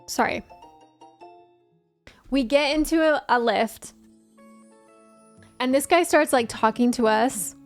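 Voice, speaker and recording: Chatty woman streamer, higher voice. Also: slow, pauses often, faint music behind. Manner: chatty storytelling, laughs often. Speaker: gaming streamer. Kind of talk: casual live-stream chat.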